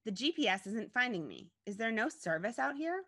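A woman's voice: fairly high pitch, sing-song, a little fast, bright, forceful tone, dry recording, studio quality, voice pushed up, full character voice. A polite, puzzled male driver in a read-aloud story, as a woman narrator puts him on. He asks things plainly, lightly acted.

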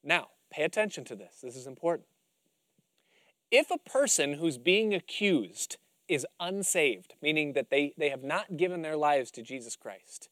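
A man's voice: on the high side, normal speed, no echo, studio quality. A male pastor preaching a sermon, telling Bible stories with animation and acting out the scenes. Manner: animated storytelling, acts out scenes.

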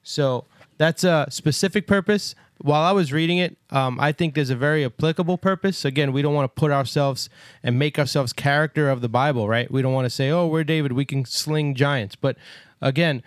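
A man's voice: fairly high pitch, a little fast, dry recording, clean studio sound. A man co-hosting a casual Bible discussion podcast, talking earnestly and emphatically, often checking in with "right?". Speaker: podcast co-host.

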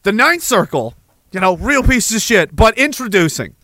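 A man's voice: sits high, sing-song, moderate pace, bright, forceful tone, no room sound, exaggerated voice. A man putting on a gleeful, bragging devil. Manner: gleeful, showy, game-show announcer bragging. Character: boastful cheery male devil addressing demons.

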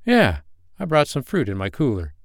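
A man's voice: mid-range voice, wildly swooping pitch, moderate pace, no echo, studio quality, pitched above the performer's own voice. A man voicing a confident, playful young man in an audio story, speaking in a jokey, upbeat and somewhat commanding way.

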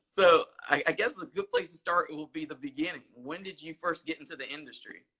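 A man's voice: fairly high pitch, fairly quick, pushed and bright, husky. A man hosting a casual interview, asking friendly, conversational questions.

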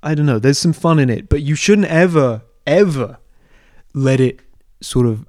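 Mellow-voiced young man, rambling. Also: a little high, normal speed, no room sound, clean studio sound. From London, England. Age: 20s. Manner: rambling, hesitant, deadpan absurd humor. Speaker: podcast host. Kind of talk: casual solo podcast answering listener questions.

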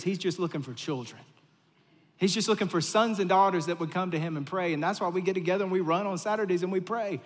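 A male pastor giving a conversational sermon, telling stories, repeating phrases for emphasis, and swinging between hushed and loud delivery. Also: high voice. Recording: long reverberant hall sound.

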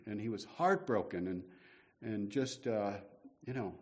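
A man's voice: lowish voice, expressive, a little slow. Man preaching a conversational sermon. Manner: conversational, self-deprecating humor, rhetorical questions. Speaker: guest preacher.

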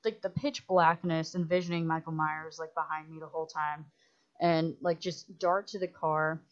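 A woman who directs films, telling a story as a podcast guest in an animated, profane way, full of "like" and acting out what others said. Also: deep voice, moderate pace. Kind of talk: casual storytelling in a podcast chat. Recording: muffled lo-fi audio.

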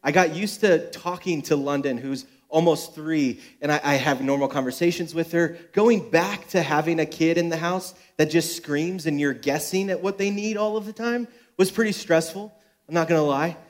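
Young man, church pastor; relaxed joking sermon delivery, slightly higher pitch. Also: moderate pace. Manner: joking, self-deprecating storytelling. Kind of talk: sermon with personal stories. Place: church service.

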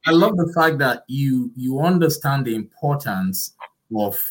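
A man's voice: medium pitch, expressive, a little slow, rough recording. Encouraging male host with an accent. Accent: non-native English. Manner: encouraging, emphatic. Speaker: podcast host. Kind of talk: interview hosting.

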